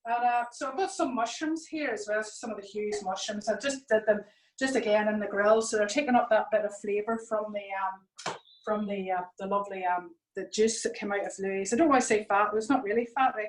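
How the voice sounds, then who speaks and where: A woman's voice: medium pitch, fairly quick, reverberant, low-quality recording. A Northern Irish woman chef, chatty and full of fillers, hosting a live cooking demonstration from her kitchen. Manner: chatty, lots of fillers and local words. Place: home kitchen.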